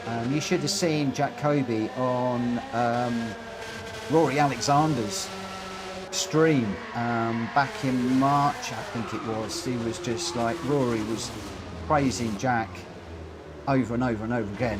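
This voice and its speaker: A man's voice: mid-range voice, steady tone, slow pace, background noise. A man streaming a racing game, reading chat aloud and chatting with lots of fillers, a little short of breath. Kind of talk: live stream commentary.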